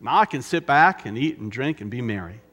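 A man's voice: mid-range voice, lively intonation, brisk, a bit bright, breathy edge, in a large hall. A man voicing a boastful rich farmer who gloats about his harvest. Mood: smug. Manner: gloating, exaggerated. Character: boastful rich male farmer, smug and carefree.

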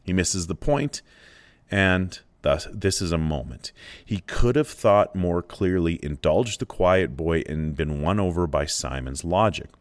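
A man giving a literature lesson, explaining a novel with measured, expressive reading. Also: low voice. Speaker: literature lecturer. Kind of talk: book analysis with read-aloud passages.

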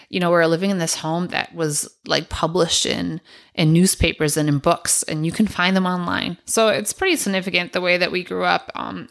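This is a young woman from the United States, talking through her childhood memories on her own show. Her voice sits a little low, and her casual, rambling delivery is full of ums and you-knows. She keeps an easygoing storytelling flow. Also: a bit bright. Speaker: podcast host.

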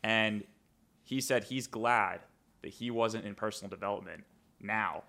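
A man's voice: lowish voice, unhurried, vocal fry, bright, forceful tone. A man hosting a podcast interview, asking questions with an enthusiastic, admiring manner. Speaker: podcast host.

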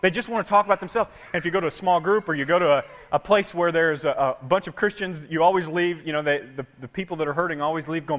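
A man preaching a sermon in a conversational way, swinging from loud repeated words down to hushed asides. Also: high-pitched, lively intonation, fast. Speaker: pastor. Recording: long hall reverb.

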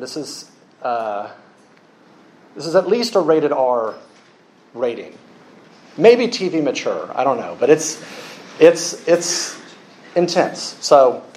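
A man preaching a sermon, lively and joking with the congregation. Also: medium pitch, a little hiss or hum. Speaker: pastor.

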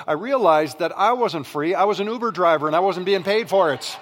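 A man's voice: sits high, brisk, few pauses. Man, pastor, from Canada, sermon with comic asides, long church reverb. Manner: animated storytelling with comic asides, acting out family voices. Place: church sanctuary. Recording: long reverb of a large hall.

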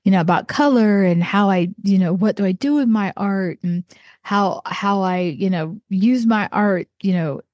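A woman artist from southeastern Ohio talking casually and warmly about what inspires her, rambling with many fillers and restarts. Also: mid-range voice, moderate pace, dry recording, lo-fi sound. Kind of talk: casual personal monologue.

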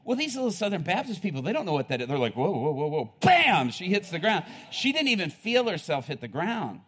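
A male preacher mid-sermon, his voice sitting a little high for a man. He tells his story with mounting excitement, laughs along the way and climbs to loud, emphatic peaks. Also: fast, breathy edge.

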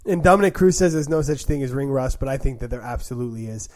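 A man co-hosting a casual sports talk show, reacting quickly and thinking aloud through possible outcomes. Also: mid-range voice, lively intonation, a little mellow. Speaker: podcast co-host.

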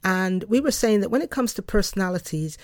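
A woman hosting a solo podcast, talking passionately and emphatically in a fast, lively way. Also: mid-range voice, no echo, clean studio sound. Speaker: podcast host.

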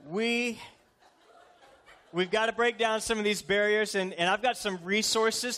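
A man's voice: on the high side, fairly bright tone. Joking, earnest male pastor preaching. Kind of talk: sermon.

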